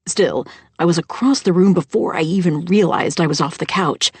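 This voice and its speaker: A woman narrating a first-person mystery audiobook in a steady storytelling voice on a close microphone. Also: on the low side, moderate pace, husky, no echo.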